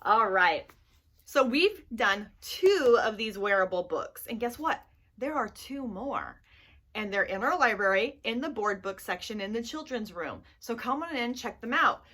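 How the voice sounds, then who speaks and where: A woman's voice: fairly high pitch, lively intonation, measured pace, sharp tone. A woman leading a children's story time at a library, reading aloud playfully and laughing often. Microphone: camera mic in a library room.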